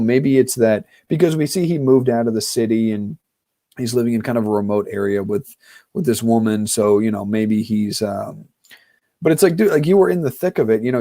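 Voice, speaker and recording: Mellow-voiced man in casual film chat. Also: mid-range voice, no room sound, studio quality. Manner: rambling, thinks aloud with fillers. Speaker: podcast co-host.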